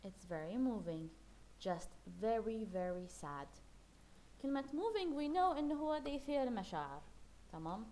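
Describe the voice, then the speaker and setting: A quick-speaking woman runs a classroom English lesson, switching freely between English and Arabic. She explains each word patiently, repeats it, and keeps checking that her students follow. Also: a little high, sing-song, a little mellow. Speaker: English teacher.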